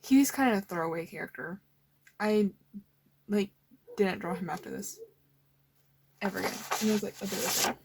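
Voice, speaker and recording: A woman's voice: mid-range voice, a little fast, gravelly, pauses often, slight background noise. A young woman casually rambling as she flips through her old sketchbooks, nervous and full of fillers. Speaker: artist showing old sketchbooks.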